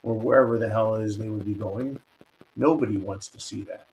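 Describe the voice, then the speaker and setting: A man's voice: fairly low pitch, fairly quick, gravelly, a little mellow, low-quality recording. A man hosting a political commentary show, talking in an indignant, sarcastic, ranting way. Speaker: host.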